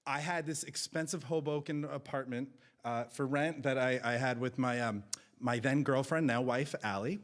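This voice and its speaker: A man in his thirties from New Jersey, telling a personal story with comic timing and big jumps in pitch. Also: normal speed, a bit bright.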